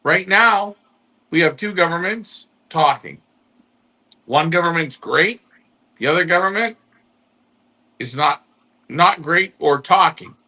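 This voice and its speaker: A man co-hosting a pigeon club show, calmly explaining delays to members, with rhetorical questions and a reassuring tone. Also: a little high, slow, long pauses. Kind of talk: casual live-stream chat to club members.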